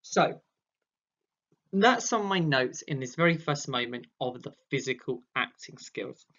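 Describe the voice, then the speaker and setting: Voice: medium pitch, fairly bright tone. A drama teacher, giving a recorded online lesson and acting out vocal examples as they explain. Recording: dull lo-fi sound.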